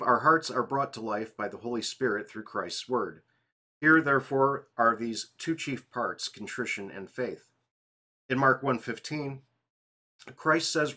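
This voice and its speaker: A tired man reading a church confession aloud in an evening devotional, steady and plain. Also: mid-range voice. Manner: reads steadily, apologizes and laughs at slips. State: yawning, tired.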